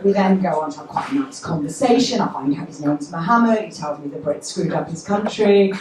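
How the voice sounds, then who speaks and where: A middle-aged English woman doing a dry, deadpan stand-up set, voicing the people in her stories. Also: low-pitched, fairly quick, heavy background noise. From England. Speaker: stand-up comedian. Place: comedy club stage. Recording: echoey club audio from far off.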